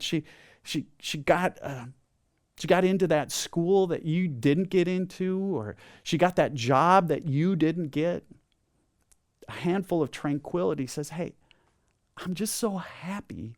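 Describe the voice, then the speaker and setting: Guy pastor preaching a sermon, kinda high voice, gets loud and punchy then stumbles over his words. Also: dry recording, clean studio sound. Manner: animated preaching, builds to emphatic lists, leads congregation call-and-response; stammering restarts, chuckles. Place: church sanctuary.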